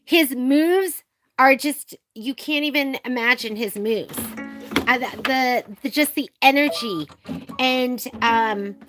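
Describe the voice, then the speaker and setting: A middle-aged woman hosts a sewing tutorial vlog for a sewing shop, her high voice moving slowly over background music. She chats on with rambling, gushing stories packed with fillers, recorded on a camera mounted on a filming arm.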